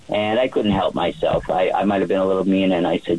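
A man's voice: low-pitched, quick pace, few pauses, darkish tone, a little hiss or hum, low-quality recording. A man working as a private yacht chef, telling stories in a rambling way with many fillers on a radio show. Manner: rambling, lots of fillers and restarts.

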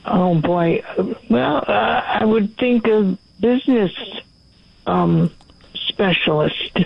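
A woman calling in to a radio show, hesitant and halting, with a gravelly voice. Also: mid-range voice. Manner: hesitant, halting with many fillers. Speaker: caller. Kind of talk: call-in radio chat. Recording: muffled phone line.

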